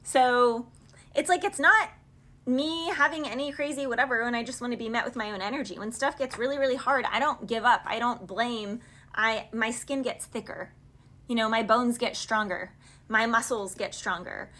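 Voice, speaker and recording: A woman's voice: on the high side, moderate pace, sharp tone. A woman giving a casual tarot reading, talking in a chatty, rambling way and acting out little back-and-forth arguments. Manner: rambling, chatty, paraphrases song lyrics in dialogue. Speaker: tarot reader.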